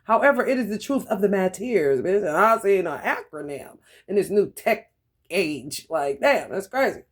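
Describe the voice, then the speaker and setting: Woman tarot reader, loose profane delivery, animated, laughs often, mid-pitched voice, talks straight to camera. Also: moderate pace. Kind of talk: casual profane tarot reading monologue.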